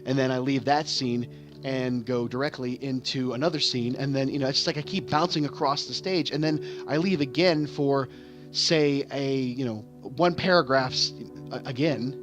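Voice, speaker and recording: A man's voice: mid-range voice, moderate pace. A man who acts on stage, talking candidly in a rambling way, often repeating words and restarting. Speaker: vlogger and stage actor. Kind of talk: candid casual monologue. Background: game music playing.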